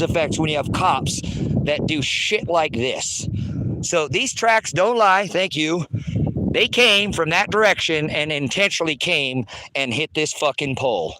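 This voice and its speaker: High, bright-voiced man ranting angrily outdoors. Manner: heated, cursing, repetitive. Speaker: online ministry host. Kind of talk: angry profane outdoor rant to viewers. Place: outdoors on his rural property.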